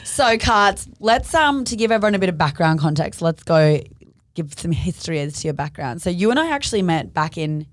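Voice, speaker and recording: A woman's voice: lowish voice, animated, a little fast, no room sound. A woman co-hosting a podcast, chatty and teasing, with casual slang. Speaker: podcast co-host. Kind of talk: casual chat.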